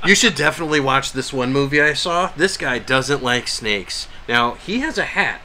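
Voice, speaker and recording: A man's voice: medium pitch, expressive, normal speed, pushed and bright, a little hiss or hum. A man co-hosting a live podcast in casual chat, joking and sarcastic, laughing often. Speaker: podcast co-host.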